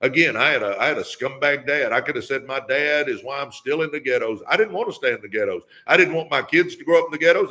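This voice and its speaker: An older man hosts a motivational live-stream talk, preachy and fired up, repeating catchphrases and urging listeners on. His voice runs on the high side with a sharp tone.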